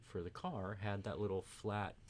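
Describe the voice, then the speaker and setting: A man's voice: on the low side, flat delivery, moderate pace, a little hiss or hum. A man from Texas, a podcast host, casually telling a rambling anecdote packed with "like" and acted-out quotes. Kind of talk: casual storytelling chat.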